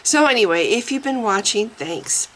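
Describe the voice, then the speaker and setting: A woman's voice: fairly high pitch, expressive, moderate pace, heavy background noise. A woman vlogger giving an angry reaction rant, indignant and swearing, often stopping and restarting her sentences.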